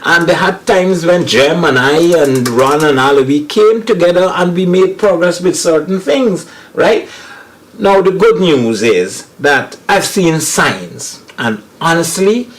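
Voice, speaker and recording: Man, Guyanese accent, somewhat high voice, rambling, earnest, restarts sentences, panel chat. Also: lively intonation, slow pace, low-quality recording. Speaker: comedian guest.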